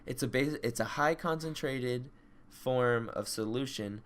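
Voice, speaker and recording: A young man co-hosting a podcast, telling a story in a rambling, casual way with lots of swearing and loud re-enacted yells. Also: mid-range voice, moderate pace. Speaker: podcast co-host. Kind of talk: casual chat.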